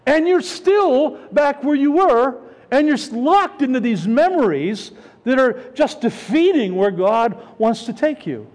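A man's voice: extremely high pitch, very animated, measured pace, a little mellow. A middle-aged male pastor preaching a conversational sermon, often repeating himself and asking the congregation questions. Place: church sanctuary. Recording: long hall reverb.

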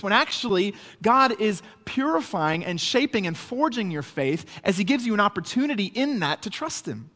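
A man's voice: sits high, sing-song, normal speed, hardly any pauses, a bit bright, long reverb tail. A man preaching a sermon in a conversational way, often checking in with his listeners. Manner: conversational preaching with frequent "right?" asides. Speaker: pastor.

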